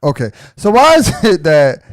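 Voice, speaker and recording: A man co-hosting a casual podcast, launching into animated joking rants. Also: a little high, normal speed, no echo. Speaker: podcast co-host. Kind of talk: casual group chat.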